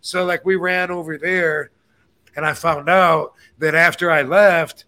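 Male podcast host, 50s, slightly high bright voice, animated storyteller who acts out dialogue. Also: a little slow. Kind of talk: casual storytelling.

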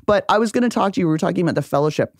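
A woman's voice: on the low side, very fast, vocal fry, no room sound. A woman in her forties, a memoir author, telling candid stories with a lot of swearing and acting out quotes in a podcast studio. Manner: profane, animated storytelling, acts out quotes. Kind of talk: candid casual chat.

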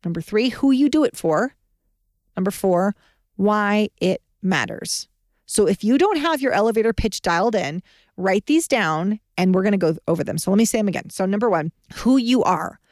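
A woman's voice: medium pitch, animated, moderate pace, a little mellow, no room sound, studio quality. A woman hosting a podcast, teaching sales in a confident, emphatic, conversational way as a business advisor.

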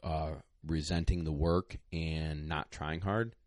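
A deep-voiced man talks through retriever training in casual podcast chat, blunt and emphatic in his advice. He sounds a little out of breath. His voice is recorded dry and close, with no room sound. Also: fairly even intonation, slow, no echo. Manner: blunt, plain-spoken, emphatic.

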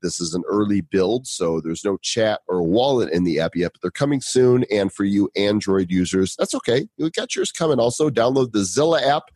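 Man, podcast host, playful, jokey, low voice, dry close sound. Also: expressive, moderate pace, few pauses, a little mellow, dry recording. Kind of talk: casual podcast chat and ad read.

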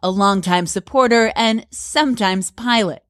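A woman news correspondent delivering a measured, scripted news report. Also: medium pitch, no echo, clean studio sound.

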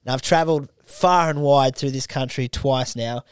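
A man's voice: mid-range voice, normal speed, clear, resonant tone, dry recording, studio quality. A young Australian man co-hosting a podcast, telling a crude travel story in casual chat and acting out the people in it. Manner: animated, acts out quotes, heavy swearing. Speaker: podcast co-host.

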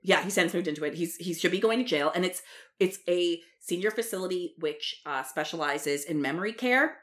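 A worked-up woman talking in a casual chat, her pitch swinging widely as she rants. She swears freely and mimics other people's lines. She is wired from coffee. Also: animated, brisk, a bit bright. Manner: heated, swears freely, acts out quotes. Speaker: podcast co-host. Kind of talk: casual reality-TV recap chat.

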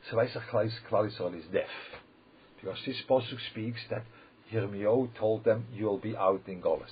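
A man teaching a Torah lesson as a rabbi, emphatic and repetitive, with sudden loud bursts when he quotes the verses. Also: lowish voice. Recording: dull lo-fi recording with faint background noise.

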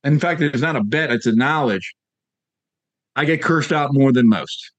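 This man from Northern Virginia coaches real estate agents in a casual motivational talk, telling stories packed with fillers and repeated phrases. His voice sits at medium pitch, his pace is moderate, and there's no room sound.

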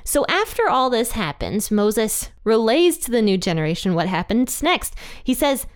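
Chatty woman teaching the Bible, smooth voice. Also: on the high side, sing-song, moderate pace. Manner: chatty and playful, laughs often, acts out quotes. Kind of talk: casual Bible study teaching.

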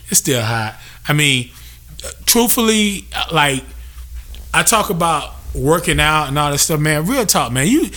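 A man's voice: fairly high pitch, bright, forceful tone. A young man hosting a podcast, venting casually with loose, profane talk and lots of repetition for emphasis. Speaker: podcast host.

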